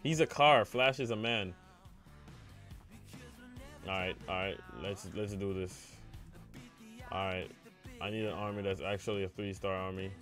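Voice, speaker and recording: A man's voice: sits low, measured pace, long pauses, soft background music. A young man streaming a live game, chatting with his viewers and crying out in dismay when plays go wrong. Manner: excitable, talks to chat, cries out when things go wrong. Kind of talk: live gameplay commentary.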